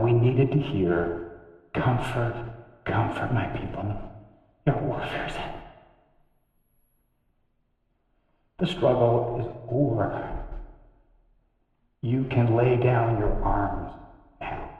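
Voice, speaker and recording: A male pastor preaching a sermon in a conversational way, with many fillers and restarts, dropping to a hush when he reads scripture. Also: mid-range voice. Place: large church sanctuary. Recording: echoey church hall.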